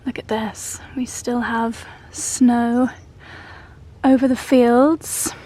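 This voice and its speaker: In drawn-out words and a flat delivery, a young woman with a warm, high-leaning voice narrates her day to camera. She is a lifestyle vlogger, gushing and affectionate, filming indoors and in the garden of her country home.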